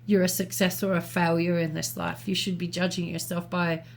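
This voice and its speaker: A woman co-hosting a talk show, reasoning aloud in a thoughtful, measured way with small restarts. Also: lowish voice, flat delivery, gravelly. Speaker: podcast co-host. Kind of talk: reflective conversational commentary.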